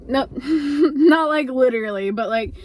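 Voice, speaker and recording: Young woman vlogger, high voice, chatty profane storytime delivery, lots of filler "like". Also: measured pace. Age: young adult. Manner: chatty, profane, animated, heavy use of like. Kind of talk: casual storytime vlog.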